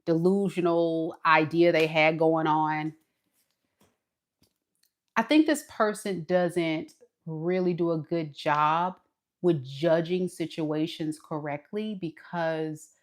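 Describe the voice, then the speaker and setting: A woman with a slightly low voice talks through a tarot reading in a loose, chatty way. She speaks straight to the viewer and slips into dramatic asides as she acts out the other person's thoughts. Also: steady tone, slow. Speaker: tarot reader. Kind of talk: casual tarot reading monologue.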